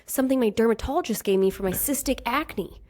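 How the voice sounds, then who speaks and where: A woman's voice: on the high side, fast talker. A woman in her thirties co-hosting a casual chat, telling stories animatedly and acting out what people said. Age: 30s. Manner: animated storytelling, acts out quoted dialogue. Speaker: podcast co-host.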